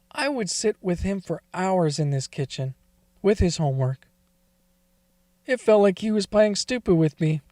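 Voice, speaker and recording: A man's voice: high voice, a little mellow, no room sound. A man telling a first-person confessional story in a confiding, emotional way that wavers toward tears.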